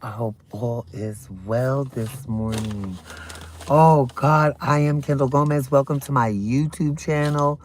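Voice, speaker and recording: A man casually chatting on his morning livestream, animated and talking while he eats breakfast. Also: mid-range voice, slow, slight background noise. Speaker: livestream host.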